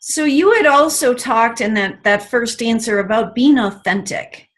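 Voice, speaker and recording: Woman host, kinda high voice, encouraging interview questions. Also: a little slow. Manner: encouraging, asks open questions. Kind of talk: conversational interview.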